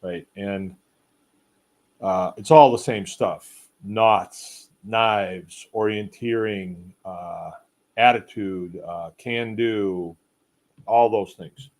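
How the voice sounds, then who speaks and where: A middle-aged podcast host runs a casual live stream, rambling in a folksy manner and reading viewer comments aloud. His voice is lowish and his speech very slow.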